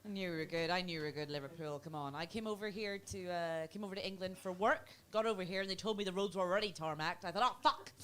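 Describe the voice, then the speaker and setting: A woman's voice: steady tone, quick pace, hardly any pauses, slight background noise. A young woman with a Belfast accent performing a stand-up comedy set in a club, chatty and self-mocking. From Northern Ireland. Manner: chatty, teasing, self-mocking, bursts of high put-on voices.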